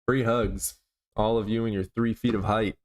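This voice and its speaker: A man's voice: lowish voice, fairly even intonation, normal speed, darkish tone. A man hosting a live stream, chatting casually with viewers in crude, teasing banter full of swearing.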